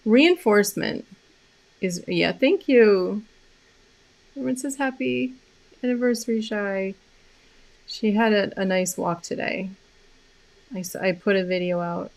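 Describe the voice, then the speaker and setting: A woman hosting a live stream about animal communication, talking casually and softly, rambling with many fillers and restarts. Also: fairly low pitch, gravelly.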